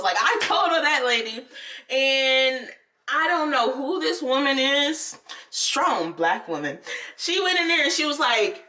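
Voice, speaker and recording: A young woman vlogger telling a personal story in casual, candid chat, animated and often laughing. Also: high-pitched, moderate pace, distant mic.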